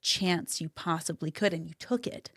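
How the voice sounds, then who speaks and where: Lady podcast host, lowish voice, gushy and emotional, dry close mic. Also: normal speed, no room sound. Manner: emotional, effusive, with restarts. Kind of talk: casual interview chat.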